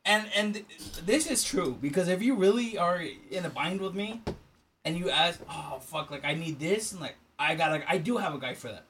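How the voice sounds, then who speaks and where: A man co-hosting a casual podcast chat, teasing his friend and shooting up to a high excited pitch when he argues. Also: brisk, slight background noise. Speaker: podcast co-host.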